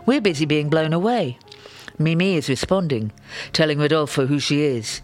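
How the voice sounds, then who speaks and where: A man reading a memoir aloud in a wry, animated storytelling manner. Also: a little high, moderate pace, soft background music. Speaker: narrator.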